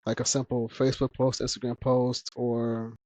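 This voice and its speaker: A man's voice: medium pitch, level tone, normal speed, a little mellow, no echo. A man hosting a casual podcast chat who laughs often while telling stories. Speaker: podcast host.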